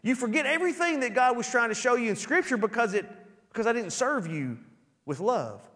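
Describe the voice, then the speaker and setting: A man preaches a sermon with a lot of animation, dropping into little acted scenes to drive home his points. His voice sits high for a man. Long reverb from the church hall trails after his words. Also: animated, brisk, fairly bright tone. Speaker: pastor. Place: church sanctuary.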